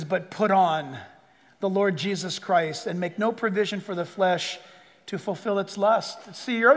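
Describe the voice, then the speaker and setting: An older man preaching a sermon, swinging between loud bursts and hushed asides and joking with the crowd. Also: high voice, in a large hall. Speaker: pastor.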